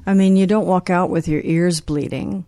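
Older woman guest, lowish voice, playful anecdotes, mock accents, dry close mic. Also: steady tone, moderate pace, warm tone, dry recording. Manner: storytelling, playful, drops into mock British accents. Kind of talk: casual podcast chat.

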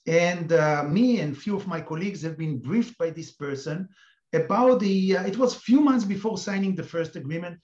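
A man's voice: high voice, normal speed, darkish tone. A man with an Israeli accent, an expert guest in an interview, explaining at length with many hesitant fillers. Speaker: counter-terrorism expert guest. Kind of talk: interview, telling an anecdote. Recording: echoey, dull remote audio.

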